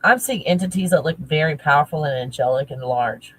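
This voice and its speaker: Husky woman musing in halting bursts. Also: sits low, fairly bright tone, rough recording. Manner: halting, searching, self-correcting with nervous laughs. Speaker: spiritual teacher. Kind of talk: casual channeling talk.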